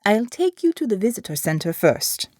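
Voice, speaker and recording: A woman's voice: mid-range voice, normal speed, no room sound, clean studio sound. Woman voicing an earnest young Indian scientist, faint accent. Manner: calm, polite, reflective. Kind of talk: audiobook character voice.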